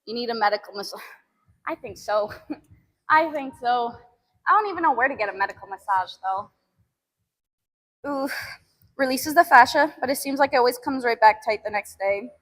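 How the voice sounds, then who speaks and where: A woman in her twenties chats casually with her live viewers from the gym. She laughs often and groans at her sore muscles. Her voice is high and bright, with a long echo from the big room. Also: expressive, a little fast, long pauses. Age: 20s. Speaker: fitness streamer.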